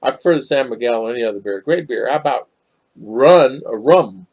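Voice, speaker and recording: A man's voice: mid-range voice, lively intonation, fairly quick, darkish tone. An older man from the United States hosting a casual live chat, reading viewer comments and rambling with many repeats and fillers.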